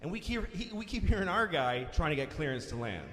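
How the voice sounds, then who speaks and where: A male stand-up comedian telling a story on stage, profane and exasperated, bursting into shouts. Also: high-pitched, very animated, fairly quick, big-room sound.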